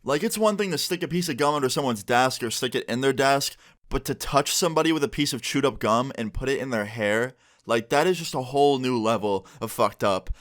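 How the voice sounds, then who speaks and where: A young man vlogging a storytime, telling it in a lively, animated way with swearing. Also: medium pitch, brisk. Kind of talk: storytime vlog.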